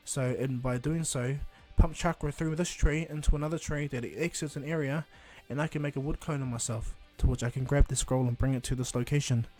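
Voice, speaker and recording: A confident young ninja, voiced by a man in a homemade fan story. He talks loud and earnest, explaining plans in a plain everyday voice. Faint music plays underneath. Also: medium pitch, steady tone, brisk, hardly any pauses, close to an everyday voice. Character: confident young male ninja, eager and bold.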